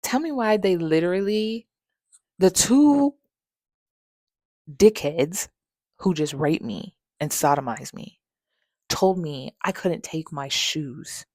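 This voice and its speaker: A woman's voice: lowish voice, expressive, slow pace, pauses often, a little mellow, dry recording. A young woman hosting a podcast, frankly and emotionally retelling a hard personal story with plenty of swearing. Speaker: podcast host.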